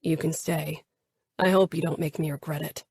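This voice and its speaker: A woman voicing a stern, guarded mafia boss who speaks curtly and slowly, allowing no argument. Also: deep voice, steady tone, darkish tone, slightly rough, dry recording, studio quality. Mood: grudging. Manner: curt, slow, allows no argument.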